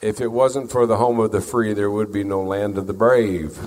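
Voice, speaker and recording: A man's voice: fairly low pitch, steady tone, normal speed, darkish tone. Folksy man joking from stage. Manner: folksy, joking storyteller addressing a crowd. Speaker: country-style singer performing on stage. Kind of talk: stage storytelling between songs. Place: concert venue with house lights. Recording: long reverb of a concert hall.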